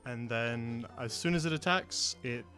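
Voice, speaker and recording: A man's voice: mid-range voice, measured pace, bright, forceful tone. Hesitant male game master over music. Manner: hesitant, many fillers and restarts. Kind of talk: running a tabletop game online.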